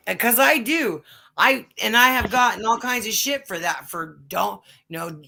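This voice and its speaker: A woman's voice: a little high, moderate pace, creaky, sharp tone. A woman hosting a casual livestream chat, telling rambling stories full of swearing. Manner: profane, rambling storytelling. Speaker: livestream host.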